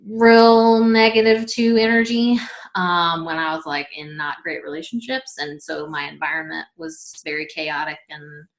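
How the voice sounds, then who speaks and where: A woman's voice: low-pitched, steady tone, moderate pace. Chatty woman in her thirties, echoey room. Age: 30s. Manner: chatty and giggly, trailing off with filler words. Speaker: vlog host being interviewed. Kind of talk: casual chat. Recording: roomy echo.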